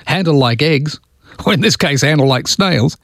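A man's voice: on the high side, expressive, moderate pace, a bit bright, no room sound, studio quality. A male radio host in a casual, amused chat, tossing out rhetorical questions.

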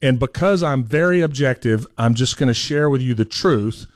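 A man's voice: mid-range voice, animated, normal speed, no room sound. A man, co-hosting a podcast, blunt and dryly teasing. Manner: blunt, dry teasing humor. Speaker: podcast co-host. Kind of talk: casual chat.

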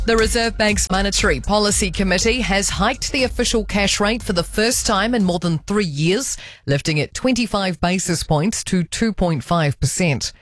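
A woman with a New Zealand accent reading a scripted radio news bulletin in a brisk, even way. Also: medium pitch, no room sound, studio quality. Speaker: news reader.

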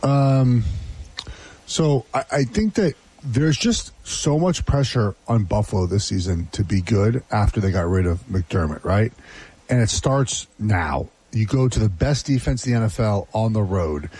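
A man's voice: fairly low pitch, lively intonation, a little slow, darkish tone, slightly rough. A man, a former football player, analyzing games on sports talk radio. He thinks aloud, with many restarts and "right?" tags.

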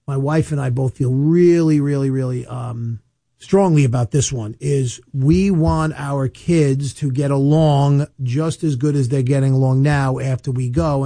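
Chatty and emphatic, this fifties-aged man (described as New) rambles through estate planning in a storytelling monologue to camera, repeating himself and slowing to hammer points home. His tone is very dark and mellow, his pitch typical for a man, and the recording is dry and close without any room sound.

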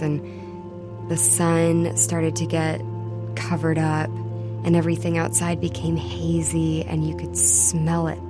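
A woman recalls events slowly, pausing and restarting. Her voice sits a little low. Faint music plays beneath her. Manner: halting, reflective. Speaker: wildfire survivor. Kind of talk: recorded oral history interview.

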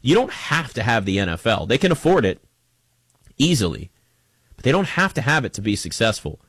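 A man hosting a sports talk show, giving a casual opinion monologue in an emphatic, animated way and speaking straight to the listener. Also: medium pitch, brisk, slightly rough, no echo. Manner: conversational, emphatic, animated, addresses listener directly.

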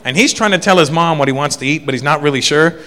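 A man's voice: fairly high pitch, quick pace, pushed and bright. A man doing a stand-up routine, telling a story with frequent "right?" asides to the crowd. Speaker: stand-up comedian. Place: comedy club stage. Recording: live hall with reverb and faint noise.

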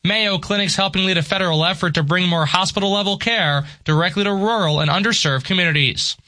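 A man reading the radio news in a steady, crisp scripted delivery. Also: high-pitched, fast, no echo. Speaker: newsreader. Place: radio studio. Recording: dry close studio mic.

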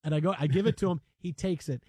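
A man co-hosting a sports radio show in a studio, telling stories in a lively, animated way and acting out the people in them. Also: fairly high pitch, fast talker, slightly rough, dry recording. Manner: animated storytelling, acts out shouting fans. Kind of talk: casual sports radio chat.

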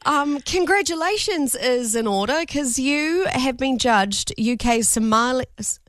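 Kiwi woman radio host, kinda high voice, chatty, laughs a lot, dry studio sound. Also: animated, a little slow, fairly bright tone, no room sound. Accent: New Zealand. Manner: chatty, laughing, stumbles over words. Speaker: radio breakfast show host. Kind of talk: casual radio interview.

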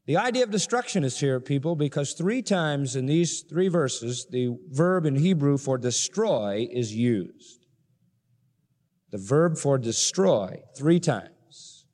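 A man's voice: a little high, a little mellow. A man preaching an expository sermon, explaining scripture verse by verse with emphatic teaching. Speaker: pastor. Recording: long hall reverb.

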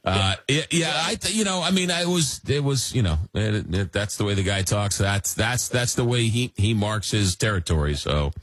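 A lower-pitched man with a husky edge hosts a late-night call-in radio show. He reads listener messages aloud and stumbles through plenty of fillers and restarts. The sound is close and dry. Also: expressive, normal speed, hardly any pauses, fairly bright tone, no room sound. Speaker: radio talk show host.

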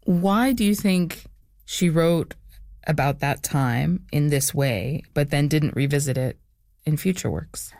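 A man's voice: a little high, slow, vocal fry, a little mellow, dry recording, clean studio sound. A man hosting an interview, asking reflective, open questions. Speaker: interview host.

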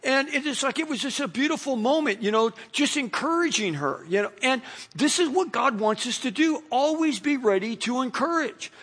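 A man's voice: very high voice, expressive, normal speed, a bit bright, slightly rough. A middle-aged man, a pastor, preaching a conversational sermon full of stories and fillers. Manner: conversational, storytelling, many fillers.

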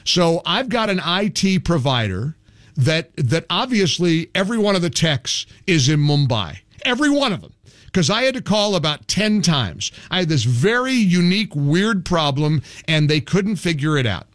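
A male talk host with a high, lively voice that leaps up and down as he argues. He speaks emphatically, restarting sentences when he gets worked up. The sound is dry and close. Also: moderate pace, no room sound. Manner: animated, emphatic, frequent restarts. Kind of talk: opinionated political talk.

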